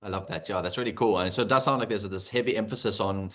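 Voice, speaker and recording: A man's voice: fairly low pitch, fast talker, fairly bright tone. A South African man moderating an online panel over a video call, chatty and rambling with fillers. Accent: South African English.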